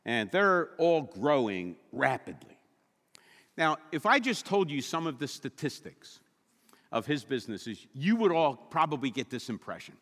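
A male pastor preaching a sermon with animated, humorous storytelling. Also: medium pitch, a little slow, in a large hall.

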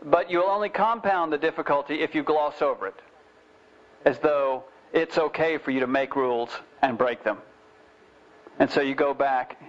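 A man's voice: fairly high pitch, normal speed. A man teaching parents in an informal talk, telling family stories with restarts and fillers. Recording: dull lo-fi recording.

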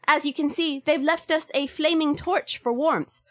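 In a tabletop game, a woman putting on a young Irish woman locked up as a witch speaks with an Irish accent, chatty and wry with a grim edge. The voice sits fairly high and dry, with no room around it. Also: fairly even intonation, normal speed, dry recording, lightly acted.

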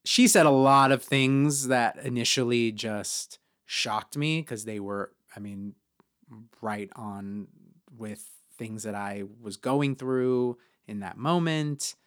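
A man's voice: slow, a bit bright. A man co-hosting a podcast, telling a personal story in a chatty way with many fillers. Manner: chatty, many fillers, acts out quotes in higher voices. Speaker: podcast co-host.

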